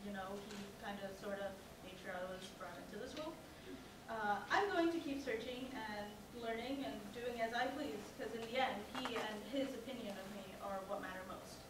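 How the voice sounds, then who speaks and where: A woman's voice: a little high, moderate pace. A young woman giving a personal talk at a student event, humorous and sarcastic, poking fun at herself. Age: young adult. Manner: humorous, self-mocking, sarcastic. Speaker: student speaker. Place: lecture hall at a campus event. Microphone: not using the mic. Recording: very echoey hall, distant from mic, noisy.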